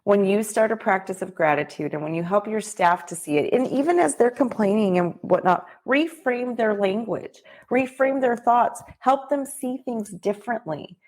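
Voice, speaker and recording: A woman's voice: medium pitch, expressive, moderate pace, hardly any pauses, a little mellow. A middle-aged woman hosting a podcast, giving a heartfelt motivational talk straight to her listeners. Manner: heartfelt, preachy, direct address to listeners. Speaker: podcast host and business coach.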